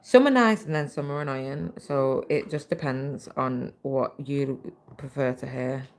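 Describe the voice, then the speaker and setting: A woman's voice: extremely low pitch, a little slow. A British woman hosting a casual livestream, chatting away and reading viewer comments aloud while she stitches, into a laptop mic. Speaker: livestream host.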